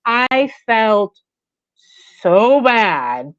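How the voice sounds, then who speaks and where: Lively woman telling a story, muffled. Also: fairly high pitch, very slow, dry recording. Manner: animated, acts out quoted voices. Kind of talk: casual storytelling chat.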